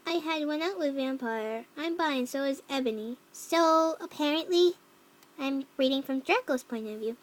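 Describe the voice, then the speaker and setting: A woman voicing a young cat-girl troll who reads a fanfic aloud, with flat narration, mocking asides and yelled quotes. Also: high voice, normal speed, lightly acted. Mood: deadpan reading. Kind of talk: fan reading of a story.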